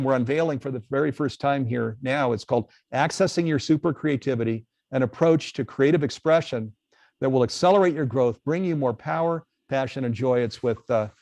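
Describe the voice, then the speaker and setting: A man with a mid-pitched voice hosts a live online talk in an earnest, easygoing way. His voice is recorded close and dry, with no room sound. He pauses on fillers as he sets up questions for his guest. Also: a little mellow, no room sound. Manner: earnest, reads viewer questions. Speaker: host. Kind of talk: casual live webcast talk.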